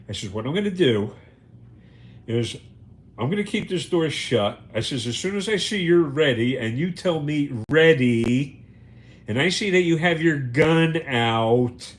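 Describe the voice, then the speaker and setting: A man on a livestream telling a story in a casual monologue, cursing often, repeating words and acting out what people said. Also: medium pitch. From United States. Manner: profane, emphatic, repeats words, acts out quotes. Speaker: livestream host.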